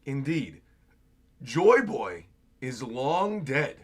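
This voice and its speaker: A man voicing a slow, archaic-speaking ancient male villain with drawn-out, solemn speech. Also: mid-range voice, sing-song, husky, pitched below the performer's own voice, heavily acted.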